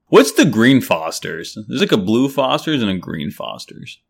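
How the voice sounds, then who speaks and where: A man co-hosting a sports podcast, talking in a relaxed, hesitant way full of fillers. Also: mid-range voice, measured pace, creaky, breathy edge. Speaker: podcast co-host. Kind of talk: casual chat.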